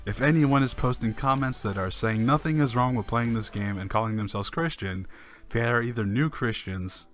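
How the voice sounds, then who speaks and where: A man's voice: mid-range voice, normal speed, a bit bright. A man reading old forum posts aloud and commenting on them with dry, sarcastic asides and frequent chuckles. Faint music plays behind him. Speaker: online commentator.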